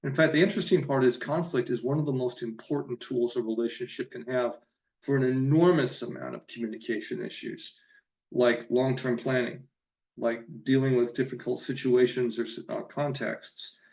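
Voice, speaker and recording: A man's voice: medium pitch, steady tone, normal speed, vocal fry, a little mellow, roomy sound. A man giving an earnest, emphatic solo talk to camera about relationships, stressing and repeating his main points like a counselor.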